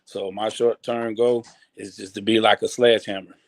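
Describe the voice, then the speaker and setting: A man's voice: lowish voice, level tone, moderate pace. A man, a football coach, answering interview questions casually with frequent ums and restarts. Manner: hesitant, many ums and restarts.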